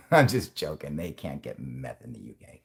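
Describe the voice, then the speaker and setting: A man's voice: rumbling low, vocal fry. A man in his twenties hosting a casual livestream, stoned and rambling, swearing constantly and laughing often. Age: 20s. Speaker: channel host.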